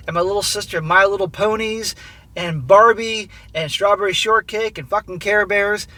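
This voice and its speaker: A man's voice: sits high, moderate pace, pushed and bright. A man in his forties from Southern California gives blunt, profane life advice to his viewers and keeps calling them "guys.". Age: 40s. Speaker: advice channel host. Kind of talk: casual advice monologue.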